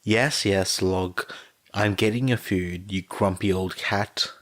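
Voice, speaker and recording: A man voicing a kindly adult scientist who cares for a child, patient and gently teasing, in a fan audiobook reading. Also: sits low, steady tone, takes it slowly.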